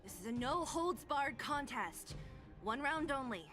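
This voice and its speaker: A woman's voice: high-pitched, expressive, a little slow. An actress voicing a female ring announcer and referee in a video game, calling the fight in formal announcing tones. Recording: game audio over music.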